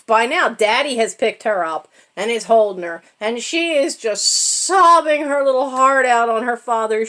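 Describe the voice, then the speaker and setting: Middle-aged lady vlogger telling a funny story, slow and chatty, voice going way up and down, laughs at herself. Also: on the high side. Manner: animated, laughing, self-mocking storyteller. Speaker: channel host. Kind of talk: casual storytelling to camera.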